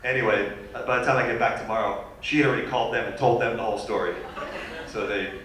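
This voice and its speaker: A man telling a funny personal story as a guest speaker at a university lecture, animated and self-deprecating. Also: fairly low pitch, fast talker. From New York. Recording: echoey hall recorded from far off.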